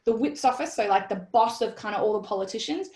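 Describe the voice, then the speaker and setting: Appearing as an interview guest, an Australian woman in her thirties tells a story in an animated, blunt way, quoting herself and swearing freely. She talks fast in a mid-range voice, and the recording sounds roomy and echoey.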